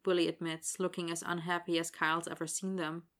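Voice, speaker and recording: Bright low-voiced woman narrator. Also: little pitch movement, a little fast, hardly any pauses. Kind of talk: audiobook narration.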